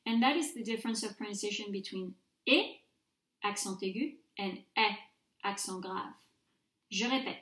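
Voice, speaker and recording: Patient woman teaching, roomy echo. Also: mid-range voice. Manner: clear, patient, repeats words slowly for students to copy. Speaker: French teacher. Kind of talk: recorded grammar mini-lecture.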